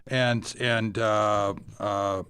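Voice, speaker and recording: A former ballplayer talks as a guest on a radio show. He speaks in a halting way with many restarts, and his voice sits somewhat low. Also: level tone, a bit bright, smooth. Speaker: guest, former baseball player. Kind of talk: radio interview chat.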